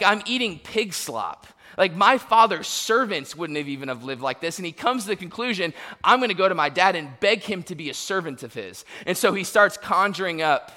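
A man preaching a sermon, telling funny personal stories and acting out the quotes with lively energy. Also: on the high side. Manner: animated, humorous storytelling with acted-out quotes. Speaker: pastor. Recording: long hall reverb.

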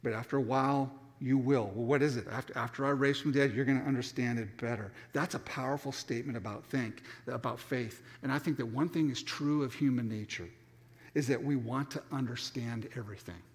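A man's voice: medium pitch, brisk. A middle-aged man preaching a sermon as pastor, telling stories animatedly and acting out the voices, with frequent restarts. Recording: long hall reverb.

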